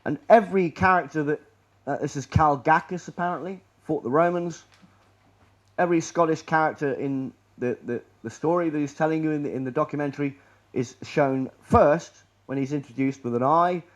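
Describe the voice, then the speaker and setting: A man's voice: on the high side, moderate pace. Rambling sarcastic man lecturing. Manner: rambling, sarcastic, full of restarts. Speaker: conspiracy lecturer. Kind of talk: rambling talk with slides.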